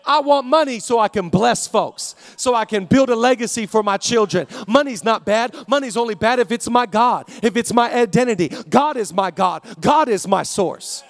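A male pastor preaching a sermon with rhythmic repetition, swinging between shouted peaks and hushed stretches. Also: extremely high pitch, expressive, normal speed, few pauses, long reverb tail. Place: church auditorium.

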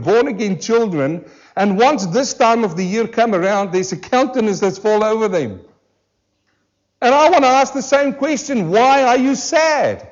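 A pastor preaching a sermon to a church congregation, emphatic and full of rhetorical questions, slowing down hard on key words. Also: male voice, extremely high pitch, lo-fi sound. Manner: emphatic, with rhetorical questions and slowed, drawn-out stresses. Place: church service.

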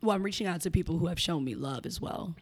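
A young woman with a fairly low voice talks to an interviewer in a blunt, candid way. She is frank and laughs often as she speaks. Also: fast. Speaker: podcast guest, entrepreneur.

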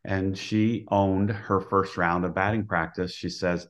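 A man who coaches softball, a guest on a podcast, explaining things in a plainspoken way. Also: deep voice, fairly even intonation, measured pace, hardly any pauses, lo-fi sound. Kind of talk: casual podcast interview.

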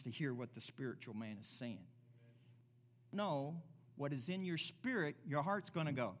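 A man preaching a sermon as pastor, reading scripture aloud and building from quiet, low passages to loud, emphatic ones. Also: animated, moderate pace. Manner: reads scripture aloud and voices imagined listeners.

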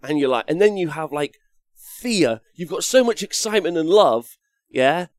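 A man's voice: on the high side, big pitch swings, a little slow, no room sound. An English man hosting a wargaming show, chatting casually and rambling, cracking jokes, swearing now and then, and reading viewer comments aloud. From England. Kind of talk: casual live-stream chat.

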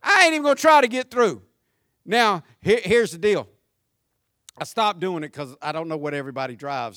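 A man preaching a sermon as pastor, folksy and joking, swinging from shouts down to quiet, low talk. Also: animated, normal speed, no room sound, studio quality. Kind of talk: conversational sermon.

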